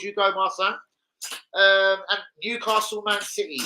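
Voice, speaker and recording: A man's voice: high voice, animated, unhurried, sharp tone, slight background noise, rough recording. A man chatting live to viewers about football, with sweary, blunt banter. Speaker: football fan streamer. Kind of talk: casual live-stream chat.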